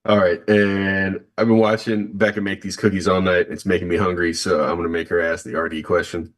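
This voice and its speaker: A man hosting a casual chat stream, relaxed and joking. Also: deep voice, brisk. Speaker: host.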